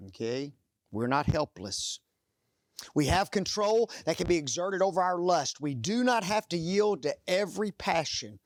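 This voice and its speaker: Male preacher with a slightly high, dry-sounding voice; lively storyteller who prompts listeners to finish his sentences. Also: dry recording. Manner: asks the audience fill-in-the-blank questions; animated storytelling. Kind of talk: sermon.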